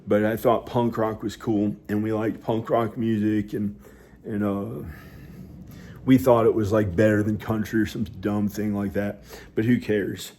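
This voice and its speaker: Man, lowish voice, hesitant, rambling, restarts, talking alone at home, faint background noise. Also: little pitch movement, mellow. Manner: hesitant, halting, restarts often, many fillers. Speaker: vlogger. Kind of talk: rambling personal monologue. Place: inside his house.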